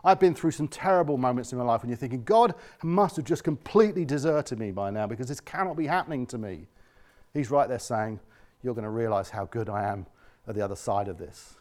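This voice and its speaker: The medium-pitched voice belongs to a male pastor giving a heartfelt sermon. His volume falls quiet and climbs loud, and he regularly acts out quoted speakers.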